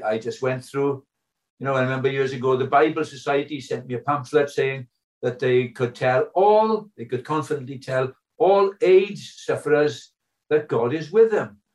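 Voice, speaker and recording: A man's voice: medium pitch, normal speed, darkish tone, far from the mic, poor audio. An older man preaching a sermon, earnest and full of rhetorical questions.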